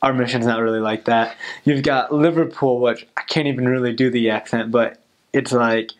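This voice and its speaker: A man's voice: medium pitch, steady tone, normal speed. Rambling young man, casual. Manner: rambling, heavy use of "like" fillers. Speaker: returned missionary. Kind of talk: casual advice talk.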